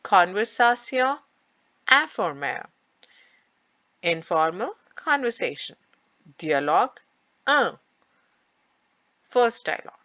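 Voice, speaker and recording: A woman teaching a recorded beginner French lesson at a very slow pace, repeating each phrase with its translation. Her voice is bright, fairly low-pitched and very lively in its melody. The sound is dull and dry. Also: no room sound.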